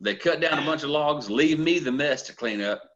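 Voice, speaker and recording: Easygoing male host, expressive and bright, recorded lo-fi. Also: a little high, normal speed. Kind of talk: casual chat. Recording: dull lo-fi sound.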